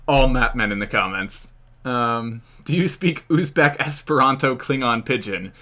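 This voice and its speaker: A man's voice: mid-range voice, a little slow, pushed and bright. An American man hosting a casual live-stream Q&A, rambling with many fillers and frequent chuckles. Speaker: history channel host.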